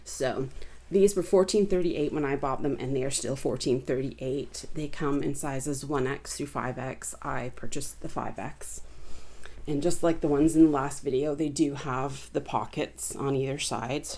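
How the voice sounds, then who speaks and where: A woman's voice: a bass voice, measured pace, darkish tone. A woman casually chatting through a review of items she bought, rambling a little with fillers and restarts. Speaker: vlogger reviewing purchases.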